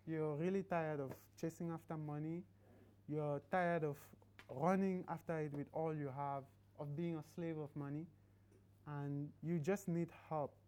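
Woman preacher, low and mellow, casual conversational sermon. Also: steady tone, unhurried, low-quality recording. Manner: conversational, tells a story, asks the congregation questions. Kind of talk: sermon with closing prayer.

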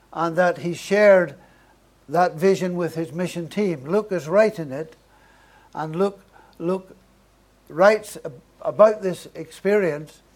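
Man, preacher, sermon, earnest, repeated emphatic phrases, somewhat high pitch. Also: a little mellow.

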